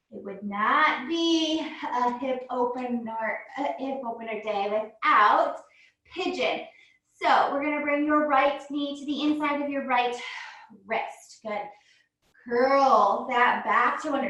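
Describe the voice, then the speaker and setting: A woman's voice: a little high, a bit bright. A woman yoga instructor, a little out of breath, calling out poses and encouraging cues through a guided class. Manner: encouraging cues, frequent "good". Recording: echoey room, voice from far off.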